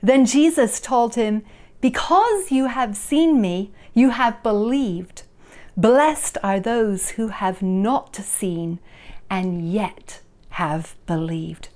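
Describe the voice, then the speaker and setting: A woman minister preaching a sermon, expressive, moving between emphatic peaks and hushed tones, and leading the listeners in repeated affirmations. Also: medium pitch, very slow. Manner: leads the congregation in repeated affirmations. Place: church, recorded for online service.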